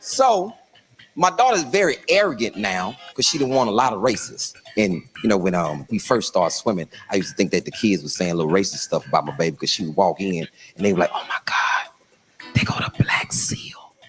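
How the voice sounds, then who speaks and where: A middle-aged man doing stand-up, spinning a story with punchy timing. His pitch swings widely as he builds to each punchline, and faint music sits under the recording. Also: animated, a little fast. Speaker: stand-up comedian.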